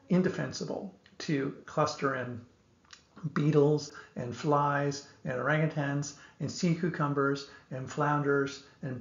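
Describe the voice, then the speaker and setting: Gravelly man lecturing in an echoey room. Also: medium pitch. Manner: measured, thinks aloud with small restarts. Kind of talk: explanatory lecture. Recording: echoey room, dull lo-fi sound.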